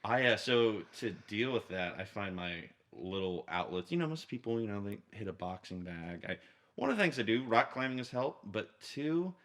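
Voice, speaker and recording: A man's voice: fairly low pitch, moderate pace. A young man hosting a podcast, chatting casually and acting out quotes with animation. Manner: animated storyteller, acts out quotes. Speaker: podcast host. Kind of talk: casual chat.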